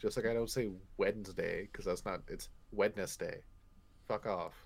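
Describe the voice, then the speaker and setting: Casual comics podcast co-host, man, a bit low, teasing and loose with swears. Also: fairly quick. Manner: playful, swears, laughs often. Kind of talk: casual comic book chat.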